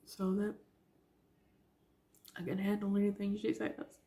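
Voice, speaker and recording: A woman in her forties, an author, telling a personal story in a vlog, teary-eyed and soft-spoken, halting and often sinking to a whisper. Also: mid-range voice, monotone. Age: 40s.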